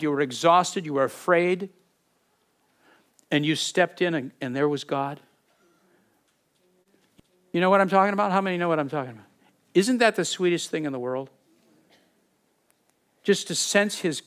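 A pastor with a high voice preaches an earnest, heartfelt sermon. He often repeats words while searching for the right ones, and his delivery drops from emphatic to hushed.

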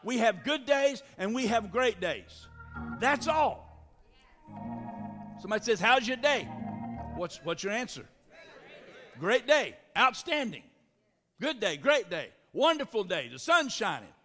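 A man preaches to his congregation, his voice pitched high. He drives his points home with repeated calls and responses in the manner of a pastor. The sound carries the long reverb of a large church hall. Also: sing-song, measured pace, pauses often, bright, forceful tone, soft background music. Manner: preaching with call-and-response, repetitive exhortations. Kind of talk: sermon.

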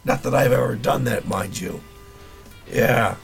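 A man's voice: mid-range voice, a little slow, vocal fry, faint music behind. A man hosting a casual solo podcast, rambling and wry with a little profanity, his voice worn and nearly gone. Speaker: podcast host.

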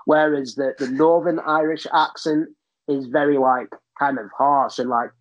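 A man's voice: on the high side, fairly even intonation, unhurried, dull audio. A man from England with an English accent, talking casually as a podcast guest, blunt and rambling, swearing freely. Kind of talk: casual chat.

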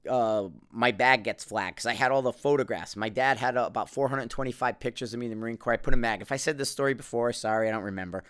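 A fast-talking man from Connecticut on the US East Coast, speaking in a clean, mid-range voice. He's a podcast host delivering a casual monologue, rambling through animated stories full of cursing and restarts.

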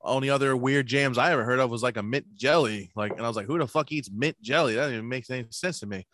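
A man co-hosting a podcast in loose, profane chat, spinning stories and leaping into a higher voice whenever he quotes someone. His voice is recorded close and dry, with no room sound around it. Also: fast talker, fairly bright tone, no room sound. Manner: profane storytelling, acts out quoted people in a raised voice. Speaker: podcast co-host. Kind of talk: casual chat.

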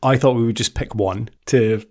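A man co-hosting a podcast, talking in an easygoing, measured way. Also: medium pitch, fairly even intonation, darkish tone. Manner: easygoing, measured, announces the next episode. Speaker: podcast co-host. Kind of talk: casual chat.

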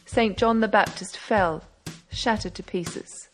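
A woman narrating a classic novel as an audiobook, in measured storytelling. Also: medium pitch, soft background music.

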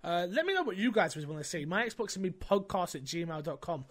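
A man's voice: high-pitched, fairly quick. A man hosting a podcast in casual chat, telling stories with lots of fillers. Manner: animated storytelling, lots of fillers. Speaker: podcast host.

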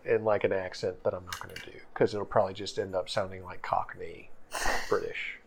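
A man's voice: low-pitched, little pitch movement, fairly quick, vocal fry, slightly rough. Casual man running a tabletop game. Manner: casual, hesitant with fillers. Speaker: game master.

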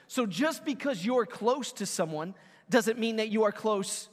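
A man in his thirties, a pastor preaching a conversational, energetic sermon and calling out to his congregation. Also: high-pitched, normal speed, long reverb tail. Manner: energetic, conversational preaching with audience call-outs. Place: church sanctuary.

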